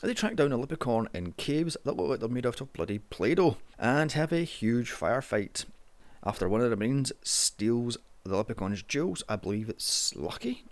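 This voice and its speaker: Guy doing a snarky sweary movie review, gravelly voice, lots of ups and downs. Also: mid-range voice, lively intonation, normal speed. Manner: sarcastic and sweary. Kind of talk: casual movie review narration.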